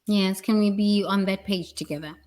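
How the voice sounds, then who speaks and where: A woman's voice: mid-range voice, steady tone, moderate pace, darkish tone. Blunt, swearing woman giving a motivational talk. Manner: blunt, preachy, swears freely. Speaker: leadership speaker.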